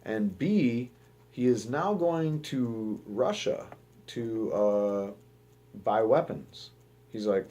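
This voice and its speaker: A man's voice: medium pitch, drawn-out words, warm tone. A young man from the United States giving rambling, profane news commentary as the host of his own show, often restarting his sentences.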